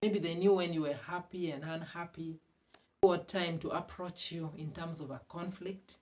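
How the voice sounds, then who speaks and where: A woman's voice: lowish voice, steady tone, normal speed. A woman from Uganda with a Ugandan English accent, giving emphatic, repetitive self-help advice on healing after divorce as a vlogger. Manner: emphatic and repetitive, with sudden loud bursts and laughs. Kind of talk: motivational self-help talk.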